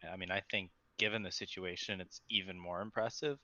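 A man's voice: deep voice, fairly even intonation, a little fast, crowd noise. A man on a podcast panel giving opinions in casual sports chat, emphatic and sure of himself. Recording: dry, dull lo-fi recording.

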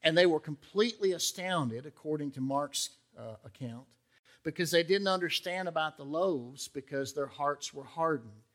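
A man's voice: fairly high pitch, lively intonation, normal speed, fairly bright tone. A male pastor preaching a sermon in a conversational way, acting out the quotes in character voices.

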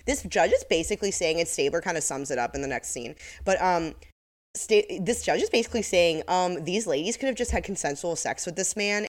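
Woman co-host, low-set voice, casual episode recap, breaks into laughs. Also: expressive, a little fast. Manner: laughs often, acts out quotes. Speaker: podcast co-host.

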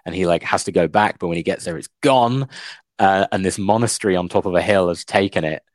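A young man co-hosting a casual book podcast, telling a plot with lots of "like" and an animated retelling. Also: low-pitched, fairly quick, dry recording, studio quality. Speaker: podcast co-host.

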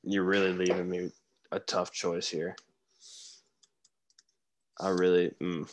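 Laid-back young man with a low voice. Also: completely flat delivery, slow pace. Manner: laid-back, laughs often. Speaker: podcast co-host. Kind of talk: casual chat.

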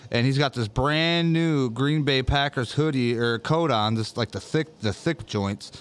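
A man's voice: mid-range voice, measured pace, clean tone. A man hosting a casual chat show, telling rambling, profane stories full of fillers. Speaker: podcast host.

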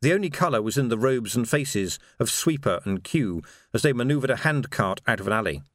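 A man reading a novel aloud as audiobook narrator, in a dry, measured storytelling manner. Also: mid-range voice, animated, dry recording. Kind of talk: scripted narration.

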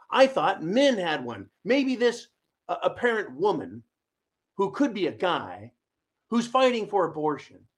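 Male host, fairly high voice, mocking and combative, ranting political commentary. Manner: sarcastic, mocking, shouty rants with audience asides.

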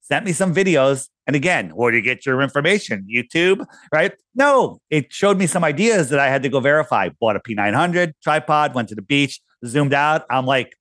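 A man's voice: a little high, animated, normal speed, hardly any pauses, fairly bright tone, no room sound, studio quality. A middle-aged man talking casually as a podcast guest, telling stories and acting out quoted voices. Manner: storytelling, acts out quoted voices. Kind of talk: casual conversation.

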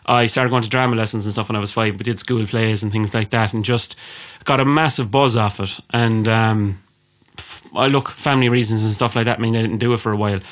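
A man's voice: on the low side, a little fast. A young man with an Irish accent, co-hosting a podcast in blunt, sweary casual chat. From Ireland. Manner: blunt, sweary, lively storytelling. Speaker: podcast co-host.

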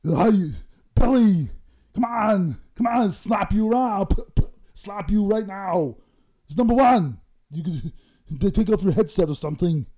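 A man's voice: a little high, brisk, dark tone, breathy edge. A man doing a comic impression of a boastful bodybuilder, rambling and giggling through mock threats. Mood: mock angry. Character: boastful bodybuilder impression, male, middle-aged, menacing-jolly. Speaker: comedy guest in character.

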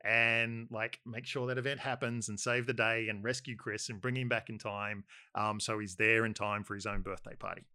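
A man's voice: lowish voice, flat delivery, normal speed, few pauses, bright, forceful tone, no echo, studio quality. A man with an Australian accent telling a long, rambling story, full of fillers. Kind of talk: casual chat anecdote.

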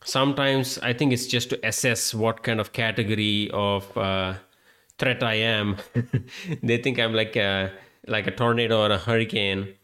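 A man's voice: lowish voice, steady tone, a little slow, a bit bright. A man from India with an Indian accent, hosting a podcast in a rambling, casual monologue full of filler words and swearing. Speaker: podcast host.

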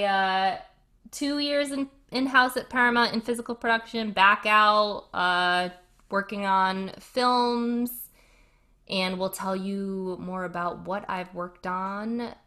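A woman's voice: mid-range voice, bright, forceful tone. A woman with a Cranston, Rhode Island accent co-hosting a podcast, chatting casually and laughing often. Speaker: podcast co-host. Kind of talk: casual chat.

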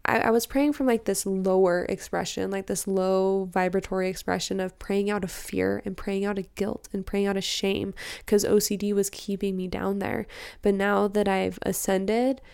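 A woman's voice: medium pitch, level tone, normal speed, gravelly, a little mellow, clear, resonant tone. A young woman from Utah, a podcast guest talking earnestly and emotionally about prayer and spirituality. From Salt Lake City, Utah. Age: young adult. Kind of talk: casual spiritual interview talk.

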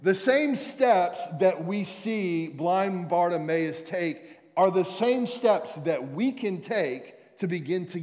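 A man preaching a sermon as a pastor in a church, energetic and calling out to the congregation, with jokey asides. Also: on the high side. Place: church sanctuary. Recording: long church hall reverb.

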